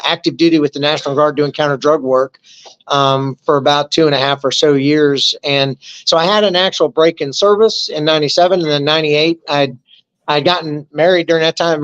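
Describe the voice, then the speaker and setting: Joking middle-aged veteran telling stories. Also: male voice, fairly high pitch, fairly bright tone, clean tone, lo-fi sound. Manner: joking, easygoing storyteller who acts out quotes. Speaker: army veteran guest. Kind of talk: casual storytelling interview.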